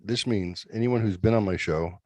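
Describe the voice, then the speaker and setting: Middle-aged male host, deep voice, dry close sound, loose crude joking banter. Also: moderate pace, dark tone, no room sound. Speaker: podcast host. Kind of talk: casual chat.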